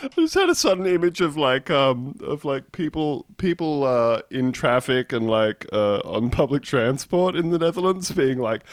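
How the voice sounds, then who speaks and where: Expressive man reading news playfully. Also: mid-range voice, moderate pace, dry recording, studio quality. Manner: playful, reads news aloud with mock voices. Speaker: podcast co-host. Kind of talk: casual comedic podcast chat.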